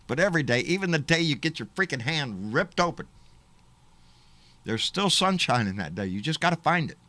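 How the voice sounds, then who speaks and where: Man, livestream host, bright tense voice, fairly high pitch, emphatic, rambling. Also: big pitch swings, fairly quick, dry recording. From Texas. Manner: emphatic, rambling, swears freely. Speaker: host of a live political stream. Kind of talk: casual livestream talk.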